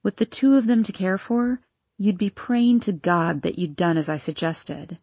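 A woman reading an audiobook, voicing a cold, scheming nurse with a deep, sultry voice and a measured, demanding delivery. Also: expressive, a little mellow, no echo. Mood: coldly menacing. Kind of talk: audiobook character voice.

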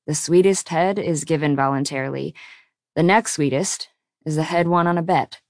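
A woman's voice: low voice, normal speed, darkish tone, no echo. A woman voicing a smug, teasing grown man. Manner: dry, smug banter. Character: teasing, confident grown man, playful lover.

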